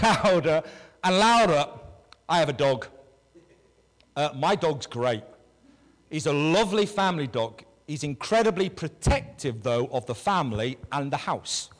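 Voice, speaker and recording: A male pastor preaching a sermon to his congregation, animated, swinging between loud calls and hushed words. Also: sits high, long reverb tail, rough recording. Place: church hall with a congregation.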